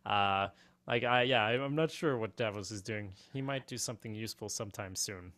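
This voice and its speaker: A young man co-hosting a podcast in casual chat, relaxed and wry, reading out listener questions. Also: on the low side, brisk. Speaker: podcast co-host.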